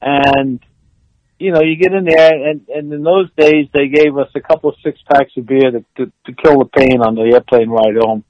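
Excitable older man telling a wild story. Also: mid-range voice, moderate pace, no echo, dull audio. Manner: excitable, acts out quotes, laughs mid-story. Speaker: former football player, guest. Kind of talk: animated storytelling in an interview.

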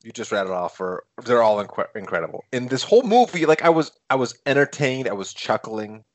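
A man talking casually about a film in a middle-pitched voice. He speaks haltingly, stopping and restarting as he works out his thoughts. He sounds relaxed among friends. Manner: halting, many restarts and fillers while thinking aloud. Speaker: podcast co-host. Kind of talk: casual movie chat.

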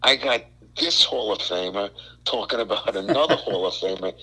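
An older man from Brooklyn, a guest on a radio talk show, telling animated stories and stumbling over repeated words. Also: lowish voice, normal speed, slightly rough, poor audio. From Brooklyn, New York. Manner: animated storyteller, repeats words, acts out quotes. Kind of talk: casual radio chat.

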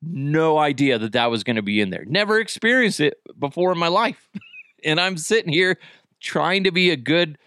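A man's voice: a little high, animated, moderate pace, sharp tone, smooth, no echo. Goofy, laughing male podcast host. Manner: goofy, laughs a lot, jokey. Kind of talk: casual chat.

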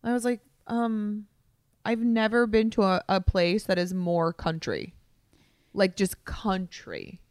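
A woman's voice: mid-range voice, expressive, slow pace, a little mellow, dry recording, clean studio sound. A young woman co-hosting a casual chat, telling stories in a chatty way and saying "like" a lot. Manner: chatty storyteller, heavy use of "like". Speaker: podcast co-host.

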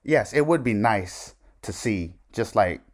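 A middle-aged man with a very low voice talks casually through his solo show. He rambles, drifts into side tangents and corrects himself as he goes, in a loose conversational way. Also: expressive, measured pace. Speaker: podcast host.

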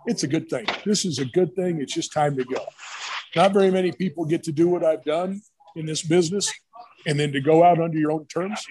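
A man's voice: a little high, brisk, a little mellow, husky, poor audio. A middle-aged man, a retired football coach, telling long rambling anecdotes in a casual interview and acting out what others said to him. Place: brewery.

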